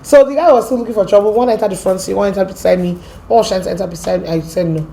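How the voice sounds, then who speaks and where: A woman with an American accent, from Port Harcourt, telling her story as an interview guest in a lively, animated way. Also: mid-range voice, racing, gravelly. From Port Harcourt, Nigeria. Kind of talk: casual storytelling.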